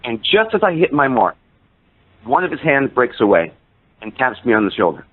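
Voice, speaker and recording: A middle-pitched man in his fifties tells a story as a podcast guest. He talks casually, jumping up and down in pitch as he acts out the people in the tale. The sound is narrow and tinny, like a phone call. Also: normal speed, slightly rough. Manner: animated, acts out quoted people with voice shifts.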